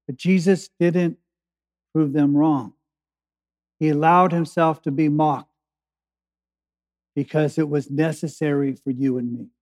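Here a pastor's high voice carries through the sanctuary with a steady, darkish tone. His sermon leans on slow, weighty pauses for important phrases and grows more urgent as it builds, with a long hall reverb trailing his words.

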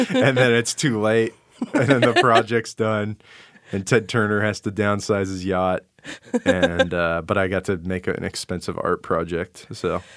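A man's voice: lowish voice, a bit bright, no echo, clean studio sound. A man from Arizona, a cartoon creator chatting casually as a podcast guest, rambling and wry, with many restarts.

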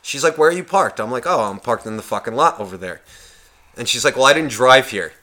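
A man's voice: medium pitch, lively intonation, brisk, sharp tone. A young man casually telling a long, profanity-filled bar story on a podcast, acting out everyone's lines. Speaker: podcast co-host.

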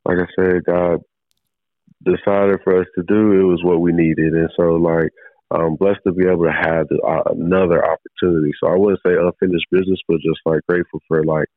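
A man calling in as a football player guest, speaking haltingly with many fillers and restarts. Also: low voice, level tone, dry recording. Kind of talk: casual phone interview. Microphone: phone call. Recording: tinny phone line.

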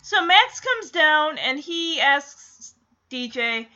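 Chatty girl vlogger rambling about a tv episode, kinda high voice, bit muffled lo-fi audio. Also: big pitch swings, slow, sharp tone. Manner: chatty, giggly, rambling asides. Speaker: vlogger recapping a sitcom. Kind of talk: casual chat.

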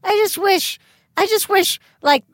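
A woman cohosting a comedy podcast, bantering in improvised bits with giggles and deadpan dark jokes. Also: extremely high pitch, unhurried, dry recording, clean studio sound.

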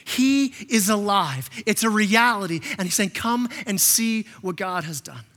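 A man preaching a sermon as pastor, impassioned, often repeating words and acting out quotes in a softer voice. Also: high voice, lively intonation, unhurried. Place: church sanctuary. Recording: long reverb of a church hall.

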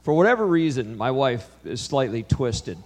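A man's voice: mid-range voice, very animated, normal speed, a little mellow, slight background noise. Chatty middle-aged man sharing anecdotes. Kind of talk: casual conversational talk.

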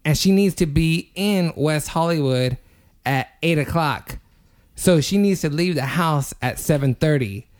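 A man's voice: a little high, measured pace. A young man in his twenties, co-hosting a podcast, tells a story in casual chat with lots of swearing and building energy. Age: 20s. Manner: animated, profane, building a story step by step. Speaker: podcast co-host.

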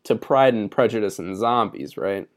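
A young man hosting a podcast in casual chat, playful and quick to laugh. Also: fairly low pitch. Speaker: podcast host.

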